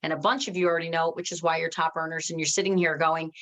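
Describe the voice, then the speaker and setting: A woman giving an emphatic motivational training talk to her team, talking quickly and restarting often. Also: sits low. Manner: energetic, emphatic, reads out viewers' comments.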